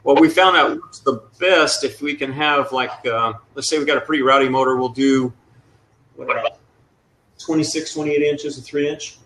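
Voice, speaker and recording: Bright-voiced, joking car guy. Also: mid-range voice, normal speed, slight background noise, rough recording. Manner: loose, joking, rambling car talk. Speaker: muffler maker guest. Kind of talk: casual live show chat.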